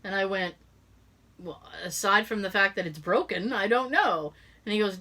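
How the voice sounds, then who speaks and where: Bright, animated woman co-hosting a podcast. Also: medium pitch, normal speed, slight background noise. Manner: animated, acts out quoted voices, laughs often. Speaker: podcast co-host. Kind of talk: casual storytelling chat.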